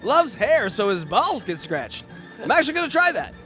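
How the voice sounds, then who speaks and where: Giggly, self-mocking male comedy host, high voice with a bright edge. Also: sing-song, normal speed, soft background music. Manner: laughing, self-mocking, crude jokes. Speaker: podcast host. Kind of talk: casual comedic chat.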